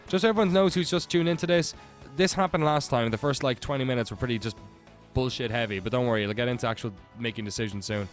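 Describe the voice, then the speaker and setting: A man's voice: medium pitch, quick pace, hardly any pauses, faint music behind. Sarcastic Irish man narrating a game. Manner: sarcastic, swears, reads dialogue in mock voices. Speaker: game streamer reading a dating sim aloud. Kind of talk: casual let's play commentary.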